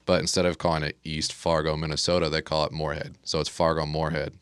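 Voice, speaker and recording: A young man with a very deep, smooth voice talks easily in a casual interview. He tells stories with wry exaggeration and an unhurried warmth of detail. The sound is dry and close to the mic. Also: no echo. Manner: relaxed storyteller, wry exaggeration. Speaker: guest, air traffic controller.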